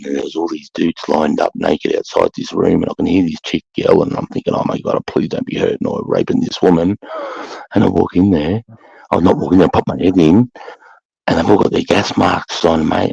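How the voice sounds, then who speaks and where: A man's voice: low-pitched, creaky, dark tone, slightly rough, no echo, dull audio. A middle-aged Australian man, formerly an army sergeant, telling stories in a blunt, profane, swaggering way on a casual chat show.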